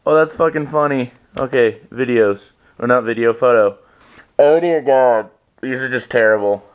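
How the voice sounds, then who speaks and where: A man's voice: mid-range voice, moderate pace. A young man vlogging casually on his own at home, rambling and self-mocking, swearing freely. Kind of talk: casual solo vlog.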